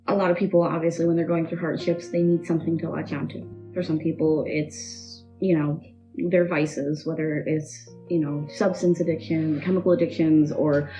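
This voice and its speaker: Young woman opening up in an interview, lowish voice, stops and restarts a lot, kinda muffled lo-fi sound. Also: mellow. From United States. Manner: candid, emotional, halting with restarts. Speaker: interview guest. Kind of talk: personal storytelling interview.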